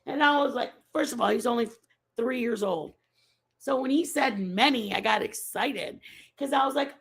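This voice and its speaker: A woman's voice: sits high, normal speed, gravelly. A woman hosting a casual live stream, rambling and chatting with her viewers and answering their messages by name.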